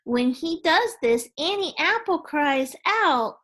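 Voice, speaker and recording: A woman teaching young children a phonics lesson, in a patient, encouraging way. She speaks very slowly and clearly in a slightly high voice. She often asks the children to repeat sounds back to her. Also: lively intonation, fairly bright tone.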